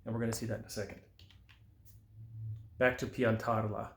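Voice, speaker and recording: Man, language teacher, patient explanations, slow careful examples, roomy echo. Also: lowish voice, flat delivery, gravelly, fairly bright tone. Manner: patient, slows down to sound out example phrases.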